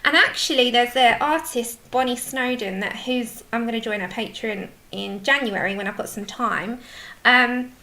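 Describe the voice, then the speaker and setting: High, bright chatty woman. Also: moderate pace. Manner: chatty, greets viewers by name; effusive. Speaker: livestream host. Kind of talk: casual chat while colouring.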